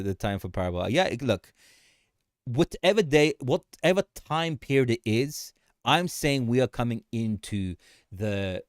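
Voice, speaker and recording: A man hosting a casual market commentary livestream, animated and joking, often repeating himself and laughing. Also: on the low side, no echo, clean studio sound. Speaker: livestream host.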